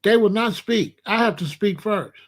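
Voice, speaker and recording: A man's voice: sits high, lively intonation, normal speed. A man from Chicago hosting a blunt, profane commentary rant. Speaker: host.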